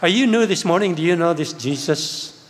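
A man's voice: a little high, normal speed. Older man preaching in a reverberant hall. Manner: animated storytelling, acting out his own past voice. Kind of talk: sermon testimony.

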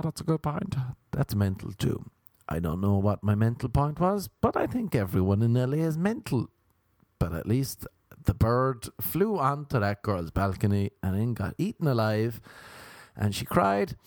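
A man's voice: mid-range voice, darkish tone, no room sound. A man doing a casual comic monologue, rambling, profane and self-mocking.

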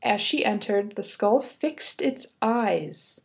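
A woman's voice: mid-range voice, lively intonation, slow pace, creaky, darkish tone. A young woman reading a fairy tale aloud, breaking off for playful, giggly asides. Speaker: podcast host. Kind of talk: storytelling with casual commentary.

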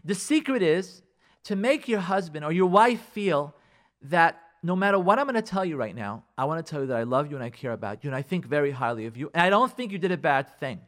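Animated talk-radio man giving marriage advice. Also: on the high side, a little fast. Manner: preachy, repeats lines for emphasis, addresses listeners directly; acts out spouses' lines in quoted voices.

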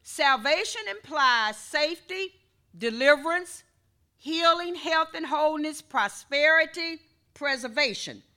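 A woman pastor delivers a sermon in a high, bright voice. She speaks slowly and deliberately, leading prayer and then teaching with call-and-response. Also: animated.

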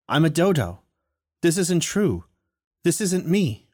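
A man doing a shouting, stubborn dodo bird. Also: fairly high pitch, very animated, slow, no echo, clean studio sound, voice pushed up, heavily acted. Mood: distressed. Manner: shouting insistently. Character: defiant male dodo bird, proud and stubborn.

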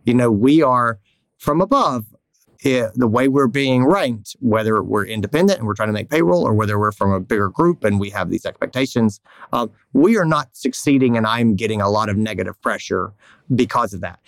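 A male veterinarian hosts a casual podcast chat, speaking a little fast at medium pitch with no echo. He's candid and rambling, telling stories in a lively way and acting out the quotes.

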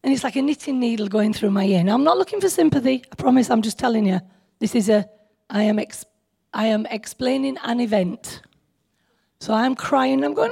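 Her voice sits on the high side yet sounds darkish and husky, with vocal fry and a slightly quick pace. She's giving a loose, chatty sermon at a church gathering, joking around, making fun of herself, and speaking right to the crowd.

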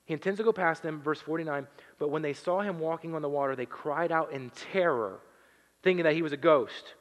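Male pastor, casual but impassioned sermon delivery, hushed to emphatic, lingering hall echo. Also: a little high, fairly quick. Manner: conversational preaching that swings from hushed to emphatic. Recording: long hall reverb.

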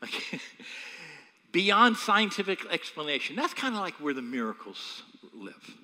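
Lively, bright-voiced man preaching. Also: on the high side, measured pace, big-room sound. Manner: animated, humorous storytelling with mimicked voices. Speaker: pastor. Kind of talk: sermon.

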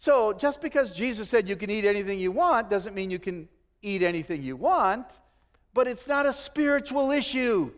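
A middle-aged man preaching a sermon, animated, acting out quotes and chuckling now and then. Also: high voice, long reverb tail. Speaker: pastor.

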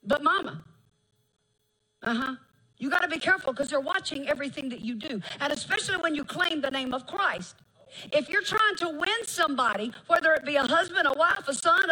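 A middle-aged woman preacher, delivering a folksy, emphatic sermon with drawn-out phrases and laughter. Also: very high-pitched, sharp tone, rough recording.

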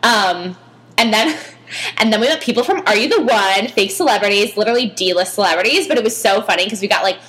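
A woman's voice: mid-range voice, a little fast, a bit bright. A young woman co-hosting a podcast, chatting casually with lots of fillers. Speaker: podcast co-host. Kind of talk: casual chat.

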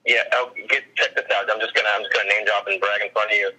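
A man's voice: fairly low pitch, steady tone, racing, bright, forceful tone, poor audio. A man who works in radio, chatting casually on a podcast in a rambling, self-mocking, joking way.

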